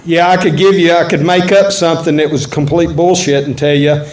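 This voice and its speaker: High-voiced folksy politician. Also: male voice, flat delivery, fairly quick. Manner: folksy, blunt, joking asides. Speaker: politician answering audience questions. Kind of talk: campaign town-hall speech and Q&A. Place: event room at a resort. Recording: echoey room with faint ambience.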